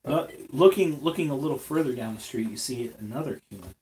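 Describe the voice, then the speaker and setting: A man running a tabletop game as game master, describing scenes with halting restarts. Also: medium pitch, animated, a little mellow, distant mic, low-quality recording.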